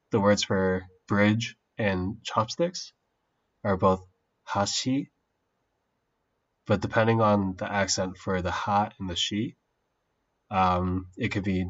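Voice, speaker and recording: Slow low-voiced man thinking aloud. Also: lo-fi sound. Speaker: language learner streaming his study. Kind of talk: casual study stream.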